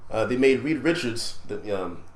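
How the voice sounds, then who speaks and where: A man co-hosting a podcast in casual chat, halting, with many fillers and repeated words. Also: mid-range voice, expressive, echoey room, slight background noise. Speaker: podcast co-host.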